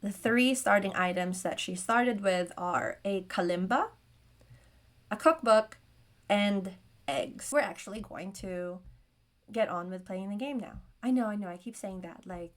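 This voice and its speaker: A woman's voice: medium pitch, normal speed. A woman narrating a solo tabletop game as game master, with chatty, self-aware asides.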